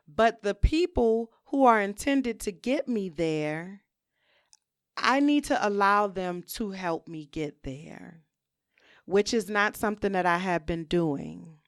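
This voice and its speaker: A woman hosting a solo podcast, talking candidly and reflectively in a relaxed conversational way, often saying "you know". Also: medium pitch, takes it slowly, no room sound, studio quality. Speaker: podcast host.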